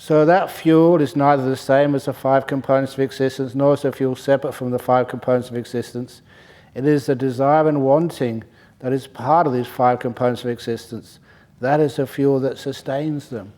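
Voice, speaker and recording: A man, a Buddhist monk, giving a relaxed, joking Dharma talk to a retreat group. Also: medium pitch, moderate pace. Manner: relaxed, joking and digressive, with laughter. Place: retreat centre hall.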